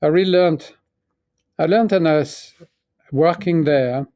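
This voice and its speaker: Man, sixties, French accent, reflective, halting, slightly high voice, dry close sound. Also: dark tone, dry recording. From France. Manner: reflective, halting with frequent restarts and fillers. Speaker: guest, pharmaceutical chief executive. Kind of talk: conversational interview.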